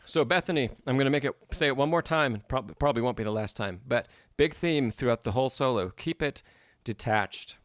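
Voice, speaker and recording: A man's voice: mid-range voice, fast talker, hardly any pauses, no echo, studio quality. A man giving an encouraging piano masterclass on a live stream, explaining phrasing and humming passages aloud. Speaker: piano teacher.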